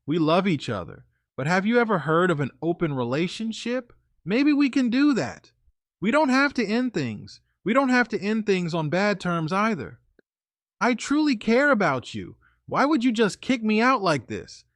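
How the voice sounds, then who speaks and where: Man doing a young girlfriend voice, high and girlish, coaxing, pleading. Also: sing-song, moderate pace, a bit bright, dry recording. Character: young woman, sweet-talking, pleading ex-girlfriend.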